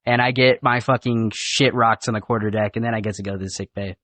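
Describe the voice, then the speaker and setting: A man's voice: fairly low pitch, quick pace, dry recording. A young man, a recent Marine recruit, telling boot camp stories in casual podcast chat, swearing often and acting out his drill instructors. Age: young adult. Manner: animated, profane, acts out drill instructors. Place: podcast studio.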